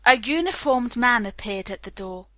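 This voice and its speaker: A woman narrating a novel with even, unhurried storytelling, close to the mic. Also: fairly high pitch, no echo. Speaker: audiobook narrator. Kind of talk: scripted narration.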